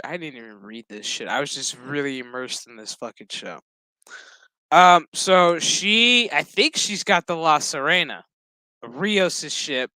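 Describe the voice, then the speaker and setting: A show recap host recaps a TV episode in a slightly high, clear, resonant voice, captured in a dry, rough recording. Profane and excitable, he swears freely and acts out the characters' lines as he goes.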